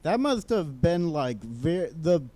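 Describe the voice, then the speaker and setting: A man's voice: fairly high pitch, sing-song, takes it slowly, dark tone. A man co-hosting a comedy podcast, joking along and laughing often. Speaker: podcast co-host.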